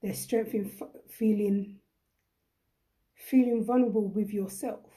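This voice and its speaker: A woman's voice: mid-range voice, steady tone, a little slow, warm tone. A middle-aged woman hosting a reflective live-stream talk, speaking earnestly and repeating phrases for emphasis. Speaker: host.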